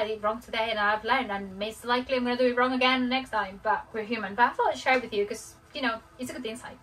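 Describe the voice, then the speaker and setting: A woman travel vlogger chats to the camera, chatty and emotional, showing off her campervan and talking about her trip while speaking straight to viewers. She's inside a campervan and around a campsite, and her voice is on the high side, fairly bright, and husky.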